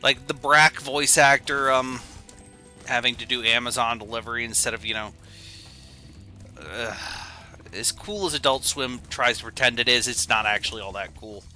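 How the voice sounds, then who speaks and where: A young man talks over his gameplay stream, rambling from joke to tangent and poking fun at himself. His voice is very bright and cutting, with faint music underneath. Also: medium pitch, moderate pace. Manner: rambling, goofy and self-deprecating. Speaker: game streamer. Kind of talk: casual gameplay commentary.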